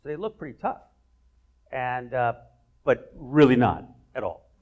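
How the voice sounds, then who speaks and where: A man hosting an onstage conversation at a college event, telling stories in an animated, playful way. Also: medium pitch, a little slow, muffled recording. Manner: animated storyteller, playful asides. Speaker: host.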